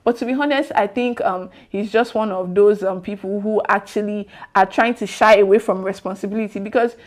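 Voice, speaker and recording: A woman's voice: mid-range voice, steady tone, a little fast. A Nigerian woman giving political commentary, reading out social media posts and answering them in an opinionated, sometimes sarcastic way, with many ums and you knows. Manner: conversational, with frequent um and you know fillers.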